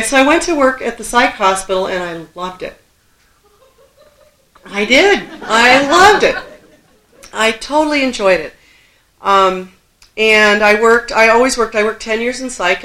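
A woman's voice: medium pitch, expressive, normal speed, fairly bright tone. A middle-aged woman from Southern California telling a personal story to a live audience, self-deprecating and laughing often. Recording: roomy echo.

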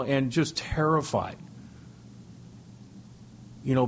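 A middle-aged man speaking to a recovery meeting, telling stories with jokes and sudden excited jumps in his voice. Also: a little hiss or hum. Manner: animated, joking, with sudden high-pitched exclamations. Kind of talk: humorous storytelling share. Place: speaking before a meeting audience.

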